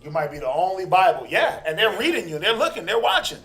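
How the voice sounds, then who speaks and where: Male Bible class teacher, high voice, lively and call-and-response, acts out the people he quotes; echoey room. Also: quick pace. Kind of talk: interactive scripture class.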